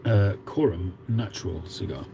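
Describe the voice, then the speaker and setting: A man's voice: on the low side, normal speed, vocal fry, noisy background. A man in his fifties with a Cockney accent, hosting a casual livestream and chatting with viewers as he reads out their comments. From England. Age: 50s. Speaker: livestream host.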